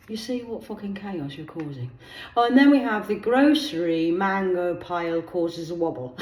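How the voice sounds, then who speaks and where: A woman reads news stories aloud as a casual vlog, swearing freely and slipping into whispered asides. Her pitch leaps around from line to line. The room around her rings with echo. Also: lively intonation, normal speed, darkish tone. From United Kingdom. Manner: swears a lot, drops into whispers, laughs between stories. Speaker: vlogger reading news stories.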